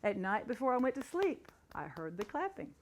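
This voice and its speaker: A middle-aged woman giving a motivational talk, telling her story with animated, building excitement. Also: fairly high pitch, brisk. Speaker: motivational speaker.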